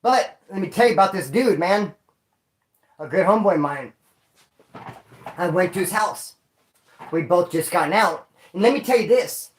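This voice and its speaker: A man's voice: high voice, lively intonation, normal speed, long pauses. A man hosting a livestream, telling stories in casual slang, rambling and repeating himself. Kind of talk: casual storytelling. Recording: roomy echo.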